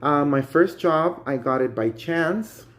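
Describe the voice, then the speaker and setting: A man with a Guatemalan Spanish accent, a native Spanish speaker, gives a casual spoken English lesson. He talks in a chatty, friendly teacher's way and keeps turning to his viewers. His voice sits a little high for a man. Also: animated, slow, fairly bright tone. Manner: chatty, calls viewers guys.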